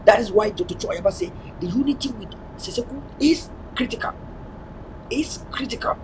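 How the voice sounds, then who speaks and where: Man, high-pitched, preachy political commentary, faint noise behind. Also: animated, normal speed. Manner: preachy, repetitive, mixes in pidgin. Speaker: online show host.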